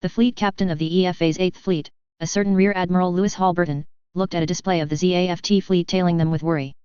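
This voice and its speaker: A woman narrating fan fiction in an even, plain reading style, on a dull, dry recording. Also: fairly low pitch, fast, clean tone, no room sound.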